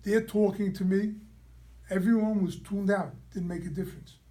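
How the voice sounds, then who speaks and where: Mellow-voiced rabbi telling a story. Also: male voice, sits high, moderate pace. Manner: animated storyteller, checks in with the audience. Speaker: rabbi teaching a class. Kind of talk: storytelling lecture.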